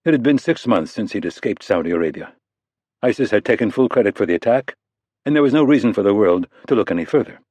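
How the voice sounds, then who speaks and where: A man reading a thriller audiobook aloud in a measured, steady narration. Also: fairly low pitch, no room sound. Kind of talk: scripted narration.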